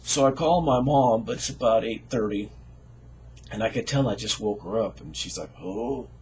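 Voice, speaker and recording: Man, fairly low voice, folksy storytelling, casual and chatty, faint background hum. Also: moderate pace, darkish tone, poor audio. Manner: conversational, folksy, with fillers and chuckles. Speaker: storyteller sharing a faith testimony.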